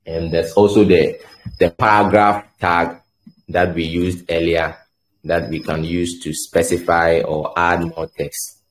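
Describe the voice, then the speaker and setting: A man with a very low voice walks through a coding lesson at an unhurried pace. He talks as he works, pausing and repeating words while he types and runs his examples. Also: flat delivery. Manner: halting, repeats words, thinks aloud while typing. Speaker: coding instructor. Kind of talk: screen-share tutorial explanation.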